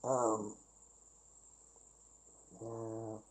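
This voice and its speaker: A man's voice: lowish voice, flat delivery, extremely slow, low-quality recording. An older Australian man ranting on a phone livestream, swearing and repeating himself for emphasis. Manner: repetitive, profane and emphatic. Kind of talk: livestream rant.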